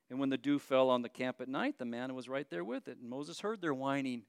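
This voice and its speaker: Rich: A male preacher with a high, smooth and resonant voice delivers a lively, conversational sermon. He often turns to his listeners with questions. The sound is dry and close. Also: dry recording. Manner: expressive, conversational, asks the audience questions.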